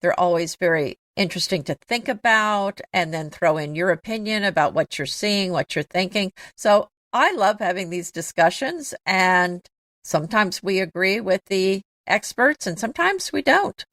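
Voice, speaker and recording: A woman's voice: medium pitch, animated, moderate pace, fairly bright tone, dry recording. A woman co-hosting a home decorating show, giving her opinions in a thoughtful, casual way. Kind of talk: casual conversational chat.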